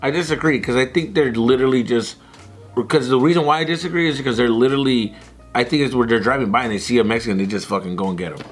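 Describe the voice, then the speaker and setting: A man's voice: mid-range voice, fast talker, soft background music. A man in casual comedy panel chat, swearing a lot and laughing often. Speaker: guest.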